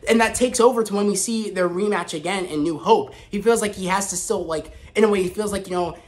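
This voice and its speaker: Excited, rambling young man reviewing. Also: high-pitched, fairly quick. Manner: rambling and excited, with frequent restarts. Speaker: host. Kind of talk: casual spoken review vlog.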